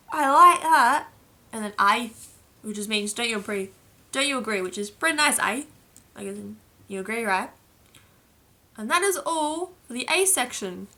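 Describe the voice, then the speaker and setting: A woman's voice: a little high, bright, forceful tone. A young Australian woman with an Adelaide accent, chatting playfully in a casual vlog as she reads through a list of slang. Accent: South Australian. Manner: chatty, playful, laughs at the entries. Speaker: vlogger.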